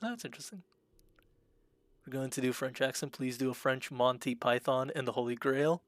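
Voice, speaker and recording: A man casually commenting while streaming a video game, talking in a fairly monotone way and reading the game's options aloud. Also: medium pitch, moderate pace, no echo. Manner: self-described monotone, dry delivery.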